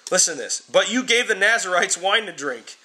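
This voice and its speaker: A male Bible teacher lectures his class with a bright, ringing voice pitched a little above average. He is emphatic and informal, calling his students "guys" and repeating words as he builds toward each point. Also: animated, brisk.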